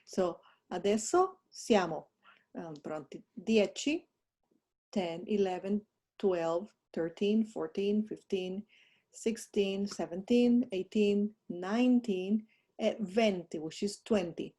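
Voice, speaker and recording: Speaking slowly in a mellow, medium-pitched voice, a language teacher walks through slides for a recorded online lesson. She fumbles with the mouse and adds chatty asides.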